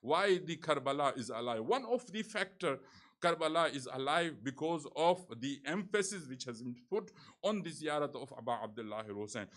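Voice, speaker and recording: Earnest male preacher, high-pitched. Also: lively intonation, normal speed, fairly bright tone. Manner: earnest storytelling with frequent fillers, rising emphasis. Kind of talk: sermon.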